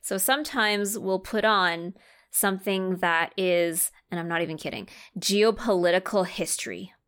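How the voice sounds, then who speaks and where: Woman co-host, mid pitch, casual chat, lively storyteller, acts out quotes. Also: moderate pace, smooth. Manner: animated storyteller who acts out quoted voices. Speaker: podcast co-host.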